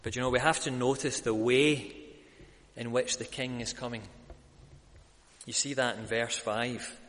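A man preaching a sermon, building to loud, emphatic peaks when he quotes a crowd. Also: medium pitch, steady tone, measured pace, in a large hall. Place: church.

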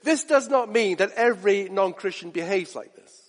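Man, preacher, sermon, high voice, animated, long hall reverb. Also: moderate pace. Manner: animated, acts out quoted voices.

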